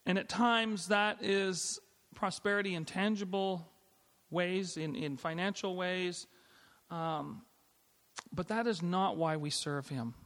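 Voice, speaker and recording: A man's voice: high-pitched, a bit bright. A middle-aged man preaching a sermon as pastor, in a conversational way with frequent restarts and light laughs. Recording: long hall reverb.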